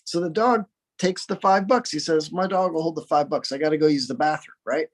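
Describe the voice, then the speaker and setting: A man's voice: fairly high pitch, brisk. A man casually telling long bar jokes on a podcast, rambling and laughing at his own punchlines.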